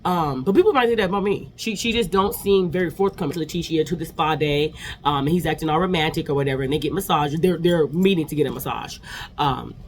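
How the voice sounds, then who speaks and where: A woman's voice: deep voice, fast talker, slight background noise. A woman in her forties giving a chatty, opinionated casual recap of reality TV episodes.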